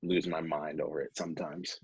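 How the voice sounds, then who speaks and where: Here a young North Carolina man, a professional hockey player on as a guest, spins casual stories in a rumbling low, husky voice with vocal fry and little pitch movement. He talks briskly, wanders off track, leans heavily on "like," and performs the quotes. There's no room sound, but the audio quality is poor.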